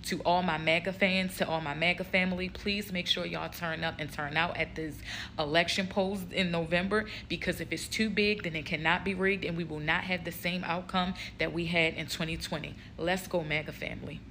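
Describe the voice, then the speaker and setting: A woman's voice: fairly low pitch, steady tone, fairly quick, sharp tone, slight background noise. A woman in a casual political vlog, emphatic, talking straight to her audience. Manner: emphatic, calls the audience "y'all".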